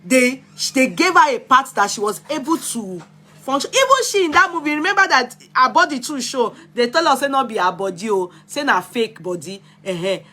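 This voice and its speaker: Chatting live with her viewers, a woman who reviews films responds to their comments bluntly in a Yoruba-inflected Nigerian accent. Her voice is a little high, expressive, bright and forceful, at normal speed.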